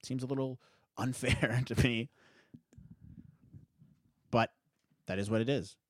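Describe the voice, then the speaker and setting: A man's voice: medium pitch, steady tone, slow, no echo, studio quality. A man hosting a solo podcast, rambling in a casual way, breaking off mid-sentence and laughing often. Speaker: podcast host.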